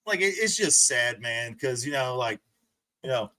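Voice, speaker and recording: A man's voice: medium pitch, sing-song, moderate pace, sharp tone, dry recording. A man streaming, ranting and mocking someone with profanity and frequent laughter, from a recliner indoors. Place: indoors, sitting in a rolling recliner.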